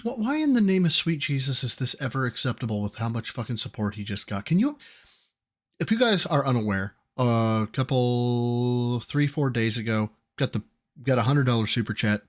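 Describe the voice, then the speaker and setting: A male stream host reacting to a video with his friends, sounding exasperated and swearing freely. His voice sits in an ordinary middle pitch, and his comments come in loose, unscripted bursts. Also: big pitch swings, normal speed. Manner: exasperated and heavily profane.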